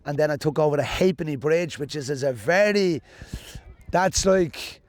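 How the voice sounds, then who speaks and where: A Dublin man with a slightly high voice rambles through animated, joking stories, like a stand-up comedian in an interview. He's casual and quick to the punchline, and there's no echo.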